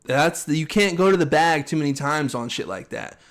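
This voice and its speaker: A young man co-hosting a casual chat, talking quickly and with strong opinions, often acting out what coaches say. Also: a little high, lively intonation, fairly bright tone. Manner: fast, opinionated, acts out coaches' lines in quotes. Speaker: podcast co-host.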